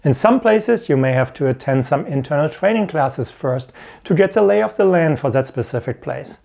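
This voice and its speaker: A man's voice: on the high side, expressive, moderate pace, creaky, darkish tone. A man giving an earnest talk to camera as an IT career coach, repeating his key points. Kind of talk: instructional video talk.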